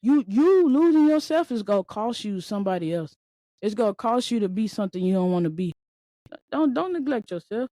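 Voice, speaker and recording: A woman hosting a podcast as a mindset speaker, talking in a blunt, colloquial, animated way with frequent repeats and the odd swear word. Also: medium pitch, fairly quick, dry recording. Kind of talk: casual motivational monologue. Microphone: podcast microphone.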